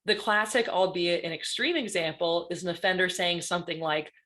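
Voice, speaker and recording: Woman presenting, chatty and animated. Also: on the low side, a little fast. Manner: lively, conversational, often asks "right?". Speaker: guest panelist on stalking. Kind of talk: presentation talk.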